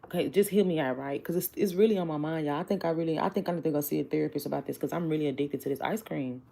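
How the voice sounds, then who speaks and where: A woman's voice: deep voice, very fast, creaky, dark tone. A chatty woman doing a casual tarot reading, blunt and joking with her viewers. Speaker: tarot reader.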